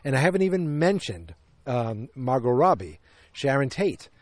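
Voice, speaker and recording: A man's voice: mid-range voice, very animated, moderate pace, a little mellow, no echo. A man hosting a podcast, chatting casually about a film, rambling and correcting himself as he goes. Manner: rambling, self-correcting, opinionated. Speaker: podcast host. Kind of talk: casual movie review chat.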